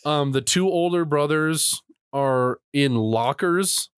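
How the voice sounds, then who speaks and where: A man's voice: a little high, slow, smooth, no echo. Podcast co-host, a man with an ordinary voice, loose and profane, recorded dry. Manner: swears casually, recaps plot with many likes. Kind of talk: casual chat.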